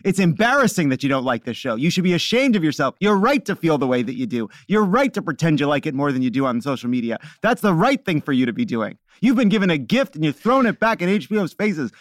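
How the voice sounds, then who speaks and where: A man on a podcast launches into a mock-furious comic rant, swearing freely. His voice sits a bit high for a man, and the recording is close and dry. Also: very animated, fast talker, few pauses, no echo. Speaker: podcast host.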